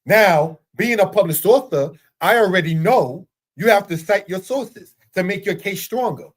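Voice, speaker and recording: A middle-aged man with a high, expressive voice gives a Torah lesson at a moderate pace. The monologue is earnest and repetitive, filled with rhetorical questions.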